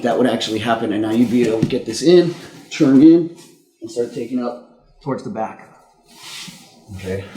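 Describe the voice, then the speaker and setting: Man, mid-pitched, laid-back grappling coach, roomy gym sound, strained breathing under a choke. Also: warm tone. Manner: casual, repeats words and says "okay?" often. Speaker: jiu-jitsu instructor. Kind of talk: instructional technique demo. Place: training gym, indoors.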